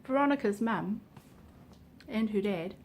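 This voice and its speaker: A woman's voice: medium pitch, expressive, measured pace, a little mellow, a little hiss or hum. A woman talking to camera in a personal vlog, earnest and emotional, her voice sometimes dropping to a near-whisper. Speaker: vlogger. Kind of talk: casual personal vlog talk.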